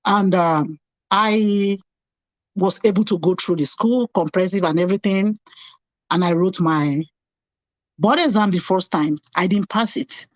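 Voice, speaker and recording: A woman's voice: mid-range voice, unhurried, no echo, highs cut off. A middle-aged woman, a nurse, telling her personal story as an interview guest. She speaks animatedly, acts out past conversations and repeats phrases for emphasis.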